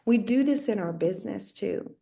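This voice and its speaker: A woman giving a lively motivational talk to her sales team, folksy and high-energy, often acting out what people say. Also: moderate pace, vocal fry. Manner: high-energy, folksy, acts out quoted voices. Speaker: network marketing team leader.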